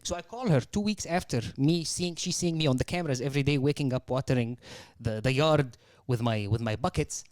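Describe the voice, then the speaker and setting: A man's voice: mid-range voice, brisk, hardly any pauses, darkish tone, no room sound. A young man on a podcast, telling a rambling story in casual chat and acting out quotes from his mother. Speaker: podcast guest.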